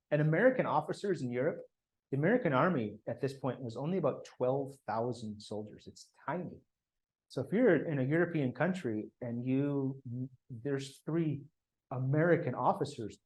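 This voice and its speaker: A male speaker delivers a history lecture in a casual storytelling way. He restarts sentences and drops in asides, his voice sitting at an ordinary middle pitch. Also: darkish tone, rough recording.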